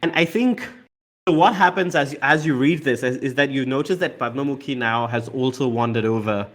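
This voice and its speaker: Guy running a tabletop game, mid pitch, lots of likes and ums. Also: brisk, a bit bright. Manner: hesitant, with many fillers. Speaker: game master.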